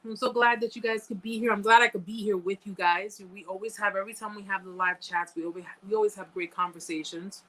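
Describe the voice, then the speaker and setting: A woman's voice: medium pitch, steady tone, quick pace, few pauses, fairly bright tone, rough recording. A woman hosting a live chat, talking casually and emphatically to viewers, repeating phrases for effect and thanking them by name. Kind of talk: casual livestream talk to viewers.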